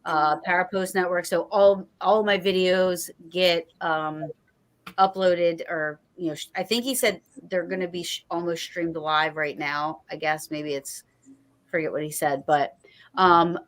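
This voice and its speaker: A woman's voice: fairly low pitch, normal speed, fairly bright tone, low-quality recording. A woman hosting a paranormal talk show, chatting casually and rambling through a story with many fillers. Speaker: podcast host. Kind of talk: casual chat.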